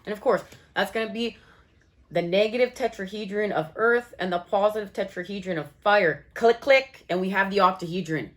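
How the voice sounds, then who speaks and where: A woman giving an enthusiastic channeled astrology and tarot reading, talking straight to her viewers as "guys" and repeating her phrases. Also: medium pitch. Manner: repetitive, rephrases lines in quick succession. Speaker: tarot reader.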